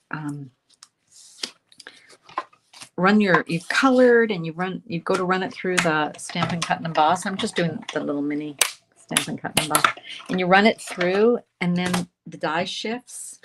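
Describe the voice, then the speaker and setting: A woman, hosting a casual crafting tutorial livestream, chatting as she works and slipping into soft murmured asides. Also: lowish voice, noisy background. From Canada. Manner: chatty, talks while working, drifts into soft murmured asides. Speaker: craft instructor and livestream host.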